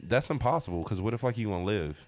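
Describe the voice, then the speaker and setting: A man's voice: fairly low pitch, animated, fast. A young man co-hosting a podcast, bantering in loose, profane slang and dropping into put-on voices. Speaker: podcast co-host. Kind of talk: casual comedic chat.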